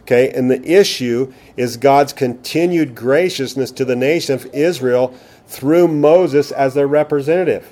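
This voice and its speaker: A man's voice: mid-range voice, unhurried, warm tone. A middle-aged man preaching a Bible teaching sermon, conversational, asking rhetorical questions and checking in with "okay?". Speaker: pastor.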